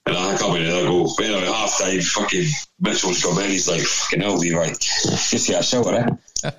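A man's voice: deep voice, fairly quick, over a noisy crowd, low-quality recording. A Scottish man telling football stories in casual chat, swearing freely and acting out the people in his tales. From Scotland. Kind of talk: casual anecdote in a podcast chat.

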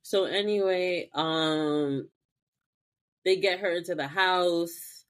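A woman co-hosting a podcast, recapping a TV episode in an animated, profane way. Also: on the low side, slow. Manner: animated, profane, acts out characters. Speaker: podcast co-host. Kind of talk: casual chat recapping a TV episode.

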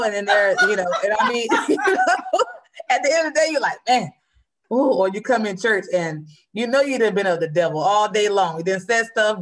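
A woman speaks quickly and earnestly about her faith, in a casual conversational way. Her voice sits in an ordinary middle pitch. She comes across as heartfelt, giving a personal testimony. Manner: earnest, fast-talking and heartfelt. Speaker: churchgoer sharing testimony.

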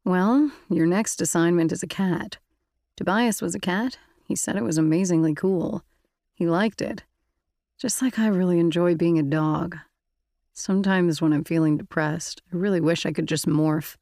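A woman voicing an earnest, steady teenage boy in an audiobook, talking in a reassuring way. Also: fairly low pitch, normal speed, no room sound, studio quality, lightly acted.

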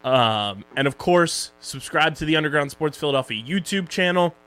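A man's voice: a little high, expressive, moderate pace, a bit bright. A young man co-hosting a casual podcast about streaming shows, joking loosely as he runs through social plugs and sponsor reads. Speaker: podcast co-host.

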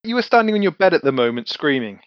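A man playing a tabletop game casually, halting with restarts and laughter. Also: a little high, sing-song, smooth, dry recording, muffled recording. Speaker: player.

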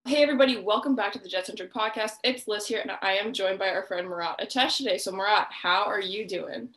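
A young woman hosting a casual sports podcast, bubbly and quick to laugh, saying "like" and "awesome" a lot. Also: mid-range voice, a bit bright, roomy sound. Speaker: podcast host.

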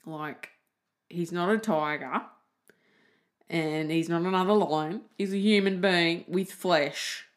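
A woman's voice: lowish voice, slow. An Australian woman hosting a podcast, telling a story in a chatty, jokey way and laughing at her own asides. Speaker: podcast host.

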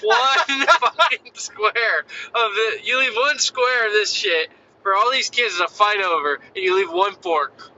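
A man in his thirties chatting casually, telling animated stories about his kids and acting out their voices. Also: high-pitched, takes it slowly, dull audio, slight background noise. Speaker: father. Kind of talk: casual chat.

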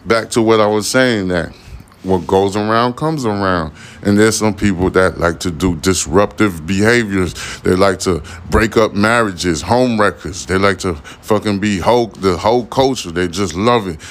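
A man's voice: low voice, normal speed. A young man hosting a podcast, rambling casually in a profane, slang-heavy monologue. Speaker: podcast host.

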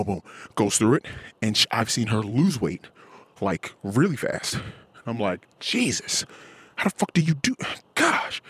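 A man in his thirties hosting a podcast, venting in a frustrated, profane monologue and mimicking others in a high voice. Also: husky, no room sound. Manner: frustrated, ranting, swears often. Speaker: podcast host.

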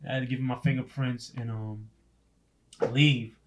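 A man telling a story in casual chat, animated and laughing often, swearing freely. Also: mid-range voice, moderate pace, noisy background.

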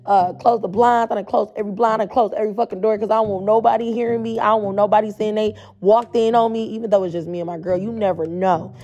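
A woman's voice: medium pitch, steady tone, fast, few pauses, warm tone, lo-fi sound. A woman telling a blunt, profane storytime straight to her viewers in a casual, chatty way.

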